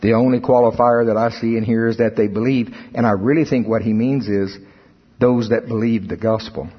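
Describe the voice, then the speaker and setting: Husky preacher man in an echoing hall. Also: on the low side, brisk. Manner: animated preaching, rising to emphatic outbursts. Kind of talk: sermon. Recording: husky voice in a long-reverb hall, dull sound.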